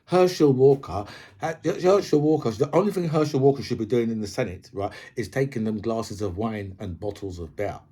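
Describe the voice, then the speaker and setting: Man, husky, loose off-the-cuff commentary, heavy "right?" habit. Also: mid-range voice, moderate pace, mellow. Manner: rambling, says "right?" constantly. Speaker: video commentator. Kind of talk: casual opinion monologue.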